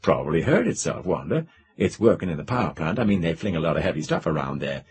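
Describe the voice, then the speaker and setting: A skeptical young man, practical and matter-of-fact, in a low voice, read by a male narrator. His replies move with lively rises and falls. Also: fast talker, breathy edge, exaggerated voice.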